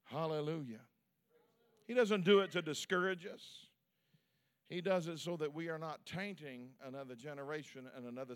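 A man preaching a sermon as pastor, swinging between loud, shouted peaks and quiet, low asides.

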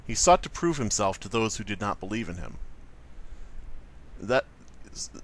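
A man's voice: fairly low pitch, moderate pace. A man co-hosting a podcast, reading a story aloud and joking around with friends. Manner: playful, jokey, animated. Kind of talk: casual group chat and story reading.

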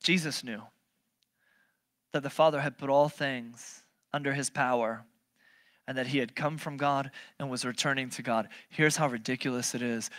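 A preacher giving a sermon, animated and emphatic, firing off rhetorical questions and swinging between loud bursts and low, quiet passages. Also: no room sound.

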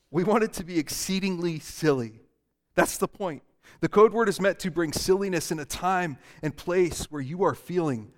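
A man preaching a sermon as pastor, playful and often laughing as he mimics people. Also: a little high. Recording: long church hall reverb.

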